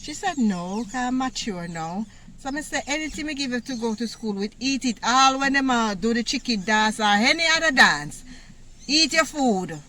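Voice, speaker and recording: A woman from Jamaica with a Jamaican accent, telling a personal story in a casual, animated way, laughing often and using patois words. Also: a little high, normal speed, a little hiss or hum. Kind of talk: casual story time monologue.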